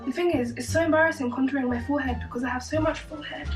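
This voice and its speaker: A woman's voice: on the high side, quick pace, hardly any pauses. A woman in her twenties telling a casual story while getting ready, chatty and sassy with self-mocking asides. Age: 20s. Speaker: vlogger. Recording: echoey room, mic far off, faint music behind.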